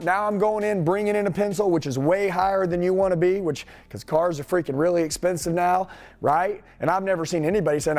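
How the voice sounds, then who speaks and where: A man coaching salespeople in an energetic, punchy way, firing off rhetorical questions. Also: high-pitched, fairly quick. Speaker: sales trainer.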